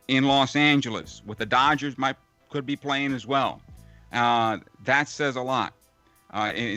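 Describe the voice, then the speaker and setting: A man's voice: medium pitch, sharp tone. A man, a veteran radio play-by-play broadcaster, answering interview questions in a reflective, rambling way with many fillers. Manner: reflective, speaks in long run-on lists with fillers. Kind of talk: casual interview over a call.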